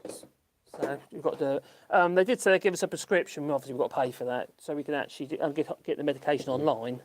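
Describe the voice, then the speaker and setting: Working on a woodworking project in his shop, a man with a fairly high voice talks fast. He's the host of a woodworking channel, rambling casually to the camera, chuckling, and muttering to himself as he goes.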